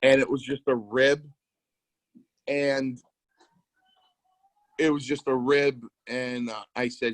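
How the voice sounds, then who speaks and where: With a mid-range voice and flat delivery, a middle-aged former wrestler co-hosting a podcast speaks slowly with long pauses, rambling through anecdotes and acting out quoted lines. The recording is dry and low quality.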